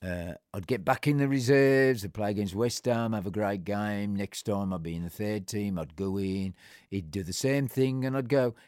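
A man's voice: normal speed, clear, resonant tone, no room sound. Blunt older man telling his story, dry sound. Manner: blunt, plain-spoken, colloquial; acts out remembered exchanges with shifting pitch and loudness. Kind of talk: recounting a personal story.

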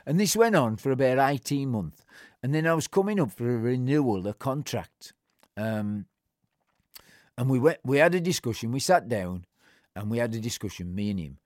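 At normal speed, an older man animatedly recounts a personal story in blunt, plain-spoken, colloquial terms, acting out remembered exchanges with shifting pitch and loudness. The audio is studio quality with no room sound.

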